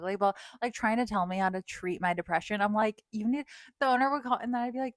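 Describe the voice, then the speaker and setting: Woman, 30s, casual vlogger rant, profane and filler-heavy, a bit high-pitched, dry recording. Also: fast, dry recording. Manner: heavy filler "like", swearing, frequent laughter.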